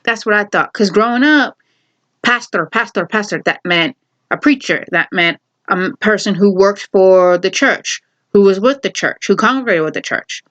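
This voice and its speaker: A woman from Chicago telling a family story in casual vlog style, animated and laughing, often correcting herself mid-sentence. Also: medium pitch, normal speed. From Chicago, USA. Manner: animated, laughing, self-correcting, acts out quotes. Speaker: vlogger. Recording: dull lo-fi recording.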